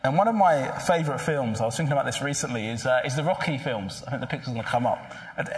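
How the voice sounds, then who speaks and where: A man's voice: mid-range voice, fast. A man preaching a sermon in a church, earnest and pleading, asking many rhetorical questions. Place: church hall.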